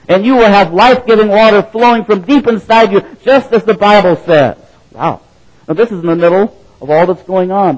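Male pastor preaching, dull lo-fi sound. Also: fairly high pitch. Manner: conversational, chuckling asides, rising to loud dramatic quotes. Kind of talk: sermon.

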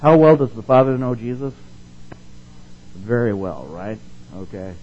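A man teaching a Bible passage in a relaxed, conversational way. He asks the listeners questions, checks in with them often, and slows down and speaks louder when he reads the verses. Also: mid-range voice, muffled recording. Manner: slows down and rises in force to stress the scripture he reads. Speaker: preacher.

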